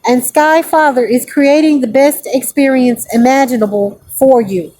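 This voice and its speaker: A woman's voice: high-pitched, moderate pace, mellow, slight background noise, low-quality recording. A woman giving a spiritual oracle card reading, speaking emphatically and checking in with "okay?" as she reads card text aloud. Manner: emphatic, repeats points with "okay?" check-ins.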